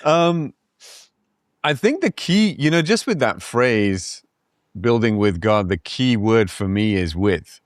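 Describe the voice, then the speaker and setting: A man's voice: mid-range voice, animated, takes it slowly, no echo, studio quality. A man talking about faith and business in a casual, reflective podcast conversation, laughing now and then.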